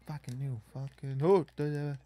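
A man's voice: on the high side, fairly even intonation, moderate pace, mellow. A man casually commenting on a wrestling video game as he plays, rambling and swearing in frustration at it. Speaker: gaming YouTuber.

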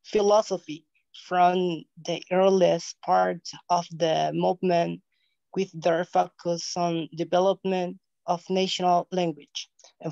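A woman student reading a text aloud in class, halting and stumbling over words. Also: on the low side, dark tone, dry recording, muffled recording.

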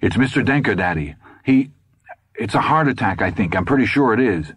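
A man's voice: lowish voice, lively intonation, brisk, a bit bright, breathy edge, no echo, clean studio sound, voice pushed up. A man voicing a panicked, frantic teenage boy in an audiobook. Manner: frantic, strained.

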